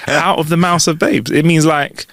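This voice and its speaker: A man's voice: a little high, steady tone, normal speed, a bit bright, dry recording. Man, podcast co-host, jokey banter, dry close mic. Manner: jokey, laughs often, rambling asides. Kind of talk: casual chat, reading jokes aloud.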